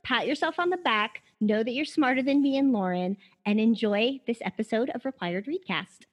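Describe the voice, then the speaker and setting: A woman's voice: a little high, normal speed, highs cut off. A woman from Colorado co-hosting a casual book podcast, chatty and self-mocking, swearing freely. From Colorado, USA. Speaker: podcast co-host. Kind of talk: casual book-club chat.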